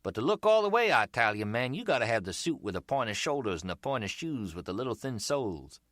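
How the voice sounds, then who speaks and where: Man voicing a smooth-talking middle-aged street hustler, slangy and teasing, bright lively voice, for an audiobook. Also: mid-range voice, fairly quick, no echo, studio quality, pitched above the performer's own voice. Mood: chatty. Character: slick streetwise male umbrella hustler, middle-aged, easygoing.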